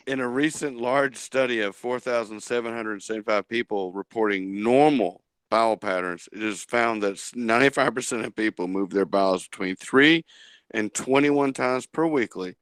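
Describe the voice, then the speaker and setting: A man's voice: mid-range voice, normal speed, fairly bright tone, clear, resonant tone, no echo. A man hosting a casual podcast, reading an article aloud with dry asides and chuckling at himself. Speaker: podcast host.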